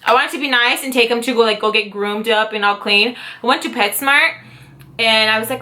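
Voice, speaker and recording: A woman in her twenties telling a story to camera in a casual vlog, animated and dramatic, with swearing and acted-out quotes. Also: fairly high pitch, fairly quick. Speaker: YouTube storyteller, mother.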